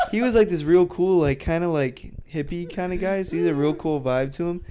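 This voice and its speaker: A man co-hosting a podcast, telling a story in a casual, profane way and acting out the quotes loudly. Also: a little high, brisk, few pauses, a little hiss or hum. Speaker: podcast co-host.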